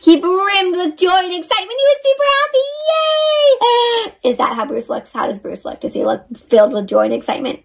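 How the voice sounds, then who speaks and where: A woman reads a picture book aloud to young children with a high, bright voice. Her pitch swings widely as she acts out the story. She stops often to ask the kids questions. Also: moderate pace, creaky. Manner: expressive, asks children questions. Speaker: children's read-aloud narrator. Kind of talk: interactive read-aloud for kids.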